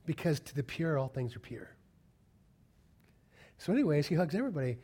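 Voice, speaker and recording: Male pastor, impassioned sermon delivery, husky voice on the higher side, hushed asides. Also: big pitch swings, brisk, long pauses. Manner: impassioned, swinging from loud to hushed whispers.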